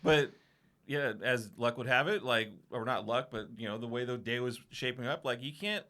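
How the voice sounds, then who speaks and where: A man telling a profane, animated story on a casual podcast, acting out what everyone said. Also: mid-range voice, moderate pace. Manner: profane, animated anecdote-telling with acted-out quotes. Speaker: podcast co-host.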